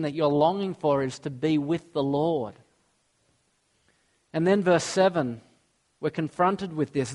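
A man, preaching a sermon earnestly and mixing in personal stories. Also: a little high. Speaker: pastor.

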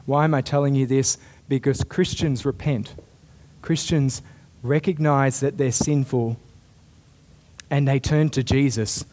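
A man's voice: mid-range voice, fairly even intonation, a little slow, dark tone. A young adult man preaching a sermon in an earnest, storytelling way that climbs to emphatic peaks.

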